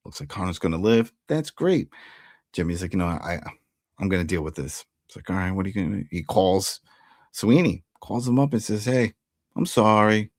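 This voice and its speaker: Lively low-voiced man recapping a show. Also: brisk, no room sound, studio quality. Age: adult who was once an altar boy. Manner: animated, acts out character lines in quotes. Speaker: TV recap host. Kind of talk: casual recap commentary.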